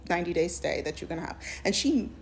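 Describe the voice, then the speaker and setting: A woman giving a sassy, animated storytime commentary, often slipping into voices of the people she describes. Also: fairly low pitch, fast, slight background noise. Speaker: video essayist.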